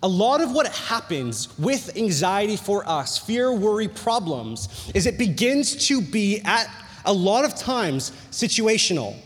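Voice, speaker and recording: A male pastor preaching a sermon, telling a personal story with animated jokey asides and bursts of excitement. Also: high voice, measured pace. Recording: long hall reverb.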